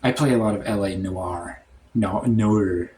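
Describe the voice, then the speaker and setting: A man telling a comic story in a rambling, deadpan way, full of "like" and "um". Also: lowish voice, unhurried, a little hiss or hum. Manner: rambling, heavy on "like" and "um". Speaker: storytime comedian. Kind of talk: comedic storytime monologue.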